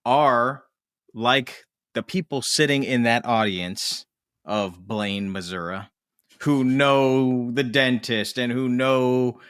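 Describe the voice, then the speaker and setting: Man, bright forceful voice, lively podcast chat. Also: mid-range voice, clear, resonant tone. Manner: animated, swings into quick put-on voices. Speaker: podcast co-host. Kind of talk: casual film discussion.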